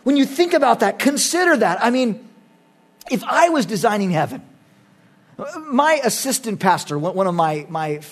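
A middle-aged male pastor with a notably high voice delivers a sermon. He preaches emphatically, pressing his points loudly and then dropping to quiet, earnest asides. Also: sing-song, moderate pace. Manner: emphatic, swings between loud urging and quiet earnest asides.

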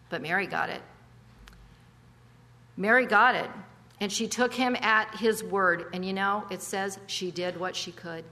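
A woman delivers a conversational sermon with a bright, forceful voice. She speaks emphatically and mixes in chatty asides and rhetorical questions, and her voice carries a long reverb from a large hall. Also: medium pitch. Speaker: preacher.

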